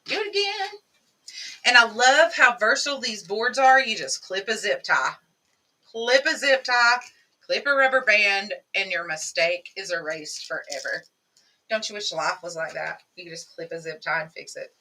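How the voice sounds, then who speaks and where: Chatting with viewers while she works, a craft tutorial host leads a live crafting demonstration. Her mid-range voice is pushed and bright at a moderate pace, heard through a distant mic with poor audio.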